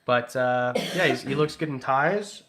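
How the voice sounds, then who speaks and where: A man's voice: mid-range voice, a little slow, a bit bright. A man hosting a casual livestream, reading super chats and teasing in a joking, rambling way. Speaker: livestream host.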